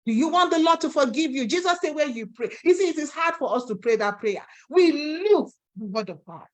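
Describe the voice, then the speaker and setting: A woman's voice: high voice, expressive, brisk. A woman with a Nigerian accent preaching an impassioned sermon, now and then acting out voices in the story she tells.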